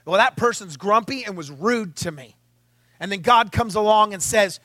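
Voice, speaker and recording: A man with a notably high, light voice preaches in a loose, conversational way. He is animated and chatty, slipping in wry asides. The sound is close and dry, with no room around it. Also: moderate pace, dry recording. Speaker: pastor. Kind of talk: conversational sermon podcast.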